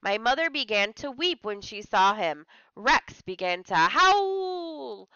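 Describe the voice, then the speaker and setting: A woman's voice: a little high, very animated, slow, pushed and bright, clean tone, dry recording, highs cut off. A woman teacher reading a story aloud to a class, stopping to explain hard words in simple terms.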